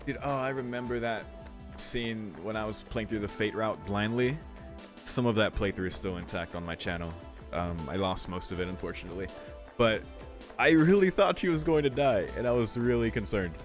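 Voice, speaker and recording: Speaking at a normal pace in a lowish voice, a let's play host reads out the text of a visual novel. Now and then he stops to react casually, sometimes with a swear, over faint game music.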